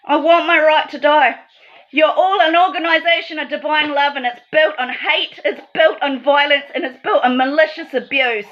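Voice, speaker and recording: A woman's voice: high voice, steady tone, normal speed, dull audio. A woman delivering an aggrieved, accusatory monologue straight to the viewer. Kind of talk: emotional monologue to camera.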